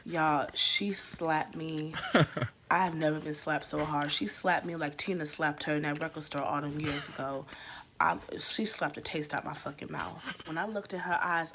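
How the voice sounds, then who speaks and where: A woman with a low voice telling a comic storytime skit with big, exaggerated delivery. She swings between loud outbursts and near-whispered asides. A faint hiss sits behind her.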